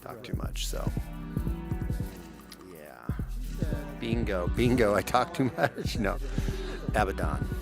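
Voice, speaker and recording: A man's voice: lowish voice, animated, slow pace, creaky, pauses often, music in the background. A man hosting a casual livestream, talking with viewers in a rambling way with many restarts. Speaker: livestream host.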